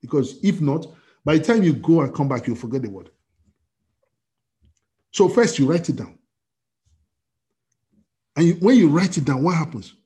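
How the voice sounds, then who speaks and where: A man's voice: a little high, lively intonation, moderate pace, long pauses, dark tone. Emphatic man preaching a sermon. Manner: emphatic, repetitive, many restarts and fillers. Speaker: pastor.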